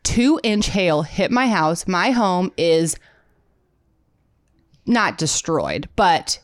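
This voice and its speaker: A woman in her thirties with a Midwestern American accent, co-hosting a casual chat and telling animated stories with frequent laughs. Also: lowish voice, extremely slow, dry recording, clean studio sound. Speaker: podcast co-host.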